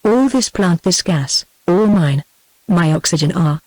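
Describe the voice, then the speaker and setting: A woman's voice: fairly low pitch, measured pace, no echo, poor audio. A synthetic woman's voice reading a raving old billionaire. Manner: flat synthetic reading of shouted lines. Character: frantic old male billionaire raving with greed.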